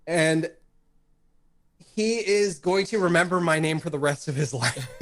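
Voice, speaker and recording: A man guests on a casual live stream, his voice pitched a little high. He talks bluntly with plenty of swearing. He rambles on, full of fillers and restarts. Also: takes it slowly, fairly bright tone, a little hiss or hum. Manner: blunt, profane, rambling with laughs. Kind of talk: casual livestream chat.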